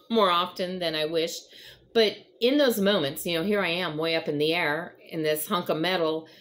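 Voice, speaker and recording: Woman host, casual faith chat, slightly low voice, earnest, lots of fillers. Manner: conversational, rambling with frequent fillers; earnest, encouraging. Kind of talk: casual devotional talk.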